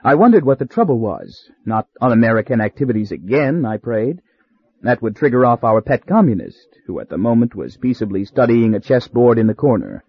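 A man narrating a story in a measured, wry way, with a husky voice. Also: mid-range voice, sing-song, dry recording. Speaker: audiobook narrator. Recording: slightly dull dry recording.

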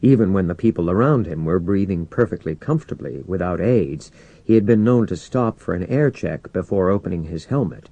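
Low-voiced, mellow male audiobook narrator. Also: lively intonation, a little fast, no room sound, muffled recording. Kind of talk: scripted narration.

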